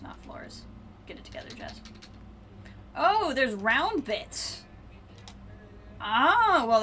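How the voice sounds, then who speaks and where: A woman streaming a video game, thinking aloud and muttering to herself, then brightly greeting her viewers. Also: on the high side, a little hiss or hum. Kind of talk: casual live-stream chat while playing.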